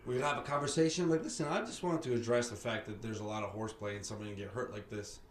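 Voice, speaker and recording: Podcast host, man, lively swearing storyteller, echoey room with faint hiss. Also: on the low side, racing. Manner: animated storyteller, swears freely, acts out quoted voices. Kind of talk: casual chat. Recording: roomy sound with faint background noise.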